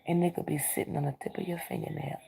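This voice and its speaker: A woman's voice: deep voice, fairly even intonation, fast talker, vocal fry, warm tone, husky, rough recording. A woman giving a spiritual card reading, talking urgently like a preacher and often dropping into a whisper. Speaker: tarot reader.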